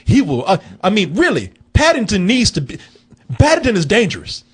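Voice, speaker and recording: Husky, animated male review show host. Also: sits high, fairly quick. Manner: animated, profane, rambling storytelling. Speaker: film review podcast host. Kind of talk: casual comedic chat.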